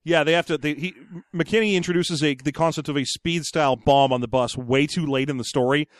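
A man co-hosting a podcast, talking casually and deadpan about a film, with a lot of rambling restarts. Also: on the high side, fairly quick, no room sound, clean studio sound. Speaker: podcast co-host. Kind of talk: casual chat.

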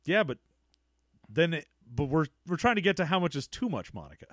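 Brief: relaxed male co-host, slightly high voice, dry close sound. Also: a little fast, no echo. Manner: laid-back, jokey, laughs often. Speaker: podcast co-host. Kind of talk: casual chat.

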